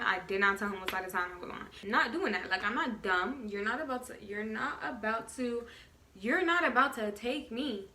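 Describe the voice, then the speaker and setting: A young adult woman vlogger telling a story in casual storytime style, quick, animated and full of swearing. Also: on the high side. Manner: rapid, profane, animated storytelling.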